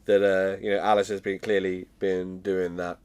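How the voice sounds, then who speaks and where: His low voice is smooth, a little mellow and level, at a normal speed. He's a British man in his twenties co-hosting a podcast, chatting about a TV episode and often laughing through his stories.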